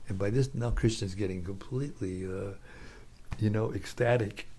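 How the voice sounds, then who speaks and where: Low husky guy, casual storytelling at a scripture class. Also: normal speed, dark tone. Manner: casual storytelling, chuckles often. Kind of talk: informal scripture talk.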